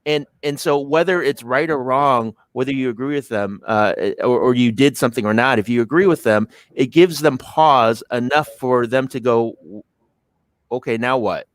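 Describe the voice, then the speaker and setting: A man's voice: mid-range voice, normal speed, few pauses, dry recording, studio quality. A man co-hosting a casual business chat, laughing often and restarting his phrases.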